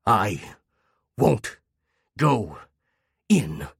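A man voicing an angry talking dog whose words come out as sharp, half-snarled snaps, in a storybook reading. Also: fairly low pitch, sing-song, drawn-out words, gravelly, husky, no room sound, clean studio sound, heavily acted. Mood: snarling.

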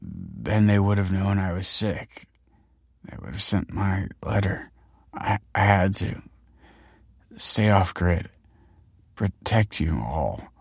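A man voicing a badly wounded, paranoid father who speaks slowly, faintly and with stammers in a dark audio story. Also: low-pitched, very animated, gravelly, husky, dry recording, studio quality, exaggerated voice. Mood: weak, delirious.

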